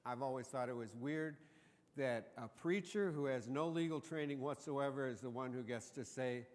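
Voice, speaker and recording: A man's voice: mid-range voice, normal speed, darkish tone. A man preaching in a church sanctuary with a long, echoing reverb, his voice set in the middle of the usual male range. He tells the story in a loose, joking, conversational way. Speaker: pastor. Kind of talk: sermon.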